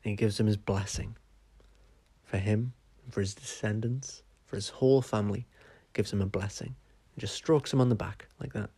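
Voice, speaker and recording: A man's voice: lowish voice, steady tone, normal speed, warm tone, husky, no room sound. A man hosting a podcast, telling a story in a chatty, sweary way. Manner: chatty, sweary, says "right?" often. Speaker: podcast host. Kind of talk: casual storytelling.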